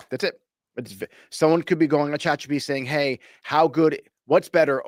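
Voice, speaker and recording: A man's voice: medium pitch, no echo, studio quality. A man hosting a podcast, talking business in a blunt, casual way and swearing now and then. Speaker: podcast host.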